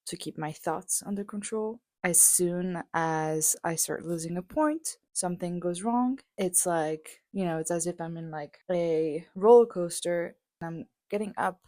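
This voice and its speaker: A woman's voice: on the low side, measured pace, few pauses, a little mellow, dry recording. A young woman vlogging on a walk, talking candidly and rambling with lots of fillers and swearing. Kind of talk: casual vlog monologue. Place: outdoors on a walk.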